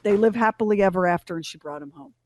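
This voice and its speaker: A woman's voice: medium pitch, fast talker, darkish tone. A middle-aged woman co-hosting a morning show, telling a story in a casual, emotional way. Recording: dry studio sound.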